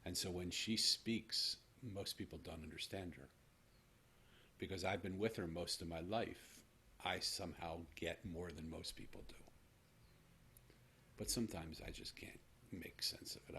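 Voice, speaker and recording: A man's voice: sits low, moderate pace, vocal fry, bright, forceful tone, a little hiss or hum. A man in his sixties, a podcast host telling a personal story to his guest in an earnest, reflective way. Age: 60s.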